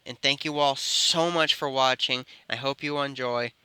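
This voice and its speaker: A man's voice: medium pitch, steady tone, moderate pace, sharp tone, clear, resonant tone, no room sound. A man telling an improvised fan story, rambling and correcting himself as he goes. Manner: rambling, self-correcting narration. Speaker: YouTube storyteller.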